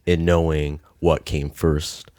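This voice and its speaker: A man's voice: extremely low pitch, little pitch movement, takes it slowly, a little mellow, dry recording. A man co-hosting a podcast, tossing in dry joking asides in casual chat. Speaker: podcast co-host.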